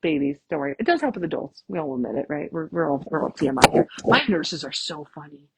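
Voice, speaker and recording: A woman chiropractor, giving a lively, chatty workshop talk and often asking "right?". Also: sits low, fast, creaky, breathy edge, no room sound. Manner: chatty, tags lines with "right?", acts out quotes. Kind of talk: casual, enthusiastic presentation.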